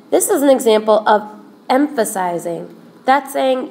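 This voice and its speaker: Slow, careful woman teaching grammar. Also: on the high side, lively intonation, darkish tone. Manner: slow, careful explaining, repeats examples. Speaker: Spanish teacher. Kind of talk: recorded grammar lesson.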